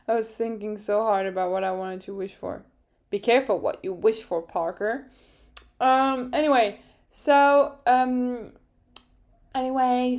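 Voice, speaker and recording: A young woman hosts a casual solo podcast recap in a fairly high voice. She talks slowly and unhurriedly, but stays animated, laughs often and swears freely. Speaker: podcast host.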